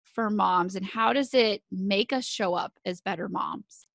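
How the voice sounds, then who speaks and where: A woman in her thirties hosts a casual podcast conversation. She tells her stories animatedly and laughs often, in a middle pitch. Her voice sounds close and dry, with no room echo. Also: a little slow, gravelly, fairly bright tone. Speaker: podcast host.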